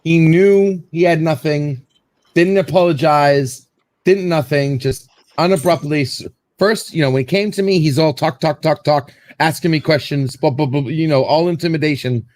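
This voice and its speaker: Host, male, higher-pitched, rambling animated storyteller, dry close sound. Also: moderate pace, no room sound. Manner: rambling storyteller, repeats words, acts out quotes. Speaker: show host. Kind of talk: casual chat, telling a story.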